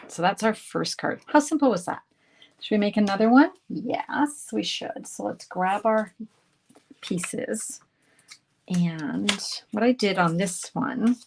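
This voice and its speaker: A woman hosting a live card-making demonstration. She chats brightly with viewers and greets them by name while she works. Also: fairly low pitch, a little hiss or hum. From Canada. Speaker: craft instructor hosting a live stream.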